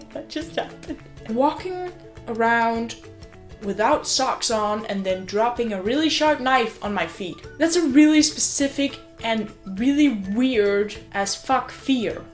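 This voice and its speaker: A young woman, a student, chatting casually in a vlog at home, excitable and gushing, swearing and filling her talk with "like". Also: a little high, slow. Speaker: student vlogger. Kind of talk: casual rambling vlog chat. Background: faint music from another room.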